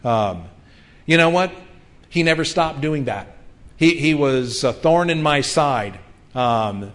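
A man's voice: on the high side, lively intonation, slow pace, fairly bright tone. A man in his fifties preaching a sermon in an earnest, conversational way, with frequent ums and restarts. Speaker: pastor.

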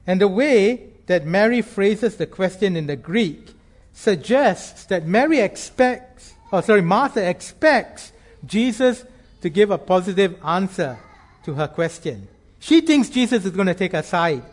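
Male preacher with a fairly high voice, earnest and measured, leaning on key phrases. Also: animated. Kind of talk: sermon.

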